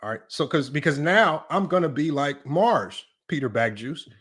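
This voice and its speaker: A man with a fairly high voice runs a live basketball stream. He argues his point emphatically, circling back and checking in with his chat. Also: animated, normal speed, a bit bright. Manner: emphatic and repetitive, often asks "right?" and addresses "y'all"; argumentative, talks straight to his live chat. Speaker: sports analytics streamer.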